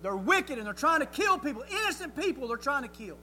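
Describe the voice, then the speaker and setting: A man's voice: very high voice, sing-song, fairly quick, bright, forceful tone, slight background noise. A man preaching a sermon in a folksy way, asking rhetorical questions and chuckling often.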